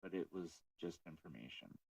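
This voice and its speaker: A man co-hosting a casual podcast about faith, telling stories with animated retelling of what others said. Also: low voice, normal speed, gravelly, no echo, far from the mic, low-quality recording. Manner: storytelling, animated retelling of quotes. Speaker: podcast co-host.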